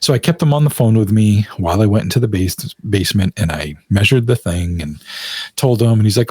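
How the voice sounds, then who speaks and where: A man's voice: fairly low pitch, animated, fairly quick, warm tone, husky, dry recording. A man, a podcast guest, telling a personal story in loose, chatty speech full of fillers, often laughing. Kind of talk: casual storytelling in a podcast interview.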